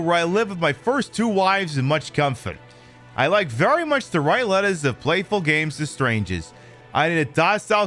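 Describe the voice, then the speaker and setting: A man's voice: fairly high pitch, fairly bright tone, voice pushed up. A man voicing a pompous male letter writer who wants more wives, delivered grandly and with self-satisfaction.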